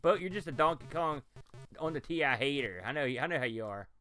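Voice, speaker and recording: A man commentating live as he plays old video games, talking to his chat and reacting loudly to what happens on screen. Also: fairly high pitch, fairly quick, soft background music. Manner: excitable, reacts loudly to gameplay and talks to chat. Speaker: game streamer. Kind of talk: live game-stream commentary.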